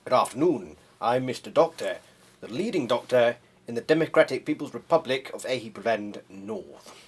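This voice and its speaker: A man's voice: mid-range voice, lively intonation, normal speed, slightly rough. A man voicing a fussy, pompous male surgeon who barks orders in a flustered way. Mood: bossy. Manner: bossy, flustered, barking orders. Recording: loud music under voice.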